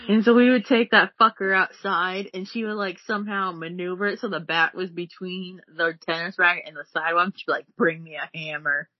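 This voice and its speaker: A woman's voice: fairly low pitch, steady tone, fairly quick, few pauses, no echo, muffled recording. A woman talking casually in a blunt, profane, rambling way. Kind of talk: casual chat.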